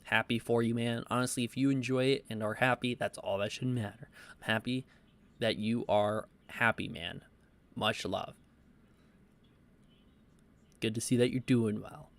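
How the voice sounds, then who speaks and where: A man giving reaction commentary and reading viewer comments, halting often with fillers and stuttered restarts. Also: mid-range voice, steady tone. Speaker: commentary YouTuber.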